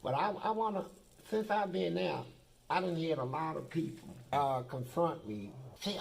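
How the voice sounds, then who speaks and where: A heavily gravelly, fairly high-pitched older man in a documentary interview. He tells his prison stories bluntly and boastfully, with plenty of cursing, and a faint noise sits behind him. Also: moderate pace, low-quality recording. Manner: blunt, profane, boastful storytelling.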